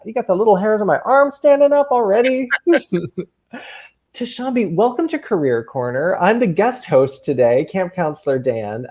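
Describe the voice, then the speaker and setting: Excitable man hosting over a dull call. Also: sits high. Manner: excitable, gushing. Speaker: guest host, camp counselor. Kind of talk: enthusiastic video-call hosting for kids. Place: his room at home. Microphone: video call.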